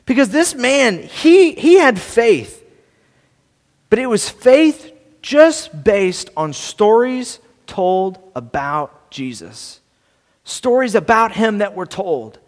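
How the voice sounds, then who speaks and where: Man preaching, high voice, earnest, stammering restarts, long echoing hall. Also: big pitch swings, slow. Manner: earnest, repeats and restarts words, swings between soft and loud. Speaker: pastor. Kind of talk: sermon.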